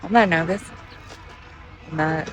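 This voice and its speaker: A woman's voice: low-pitched, measured pace. A woman vlogging outdoors at a skydiving airfield into a handheld camera, rambling nervously and swearing a lot. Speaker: travel vlogger. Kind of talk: casual vlog to camera. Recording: loud music under the voice.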